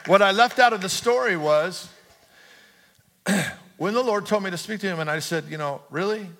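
Here a middle-aged man preaches as pastor, his high voice animated and fairly bright at a normal speed. The sermon in the church auditorium opens with chatty storytelling about himself and rises into emphatic, repeated calls.

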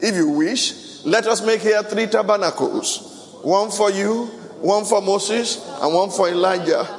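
A man's voice: high voice, a little slow, big-room sound. A man preaching a sermon at a church worship service, reading scripture aloud and breaking into song now and then. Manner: preaching with Bible reading, asides and bursts of song. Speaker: pastor.

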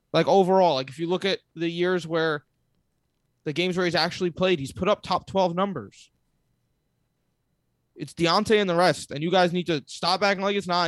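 A man pressing his case in a podcast debate, with a fairly high voice. He talks insistently and argumentatively, and the sound is dry and close. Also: dry recording. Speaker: podcast co-host. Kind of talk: casual chat.

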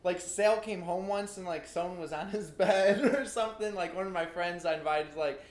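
A young man in casual conversation, telling an animated story with lots of fillers and laughter. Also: high voice, normal speed, reverberant.

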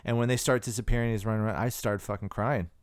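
A man co-hosting a podcast, chatting casually about movies in a relaxed, rambling way with some swearing. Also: fairly low pitch, fast talker, clear, resonant tone, dry recording, clean studio sound. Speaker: podcast co-host. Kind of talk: casual movie-review chat.

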